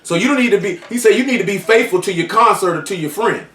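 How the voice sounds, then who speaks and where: Echoey, distant preacher, raised voice. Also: male voice, sits high, animated, fast, fairly bright tone. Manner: reads scripture aloud, then explains it in loose colloquial speech. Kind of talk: sermon.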